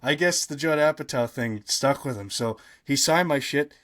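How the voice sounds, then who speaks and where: A man, a podcast guest, telling a long story in casual chat, rambling with many fillers and turning animated when he quotes other people. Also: medium pitch, moderate pace.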